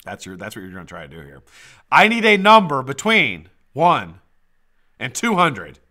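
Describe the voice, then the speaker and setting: Excitable lively-pitched man hosting a livestream. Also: normal speed. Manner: loud swings into excited shouts, swears freely. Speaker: livestream host running a trivia giveaway. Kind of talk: casual live chat. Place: home streaming setup.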